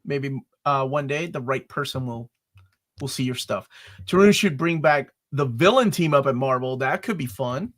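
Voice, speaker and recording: A man's voice: mid-range voice, lively intonation, moderate pace, fairly bright tone. A man hosting a casual interview over a video call. He talks in a laid-back, chatty way and reads out viewer comments as he goes. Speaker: interview show host.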